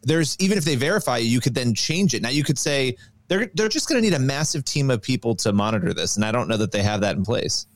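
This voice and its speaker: A man who reports news, co-hosting a podcast and explaining a story in a steady, conversational way. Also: mid-range voice, quick pace. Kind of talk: casual news chat.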